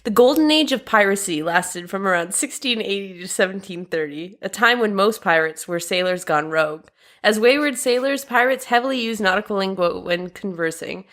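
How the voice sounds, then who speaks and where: A woman's voice: medium pitch, fairly bright tone. A woman co-hosting a podcast in casual comedic chat, teasing and wry, and sometimes reading a text aloud. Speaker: podcast co-host.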